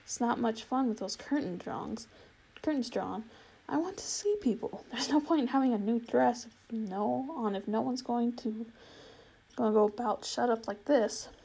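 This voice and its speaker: A woman's voice: a little high, normal speed, vocal fry, warm tone, husky, rough recording. A woman voicing a lazy, giggly young noblewoman who gushes and chatters about herself. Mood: airy. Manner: gushing, airy, self-absorbed.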